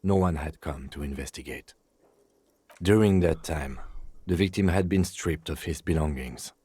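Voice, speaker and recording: A man voicing a reserved, measured police lieutenant briefing a partner in a video game. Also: extremely low pitch, mellow, slightly rough, dry recording. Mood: composed. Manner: measured, matter-of-fact. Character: calm reserved middle-aged police lieutenant.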